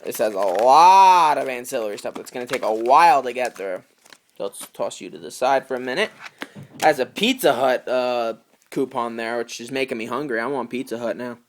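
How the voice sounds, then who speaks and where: A man's voice: medium pitch, lively intonation, moderate pace, a little hiss or hum. A young man from New York giving casual unboxing commentary as a video collector, chatty and full of jokey asides.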